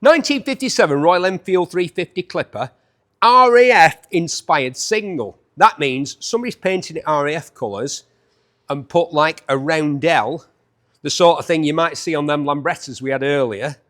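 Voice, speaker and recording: Man, fifties, auction preview host, chatty, jokey, animated. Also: on the high side, normal speed. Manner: chatty, enthusiastic, jokey asides.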